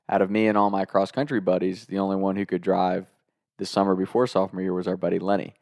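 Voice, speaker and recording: A man's voice: sits low, little pitch movement, fast talker, vocal fry, darkish tone, dry recording, studio quality. A young man telling a casual, comic anecdote, laughing often through his own story and swearing freely.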